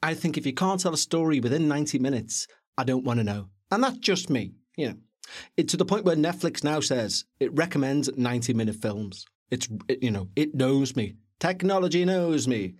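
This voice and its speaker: A man co-hosting a podcast, reviewing a film in a chatty, jokey, animated way. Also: medium pitch, a little fast, husky. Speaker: podcast co-host. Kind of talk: casual film review chat.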